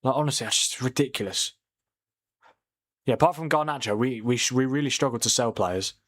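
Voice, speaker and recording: A man's voice: medium pitch, a little fast, a bit bright. Chatty man streaming a match. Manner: chatty, reads viewer comments aloud, laughs often. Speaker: football watchalong streamer. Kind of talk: casual live-stream commentary.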